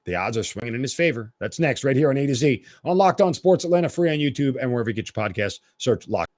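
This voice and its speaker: Male solo sports podcaster, opinionated and lively, dry booth sound. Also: medium pitch, quick pace, no room sound. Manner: animated, opinionated, blunt. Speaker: podcast host.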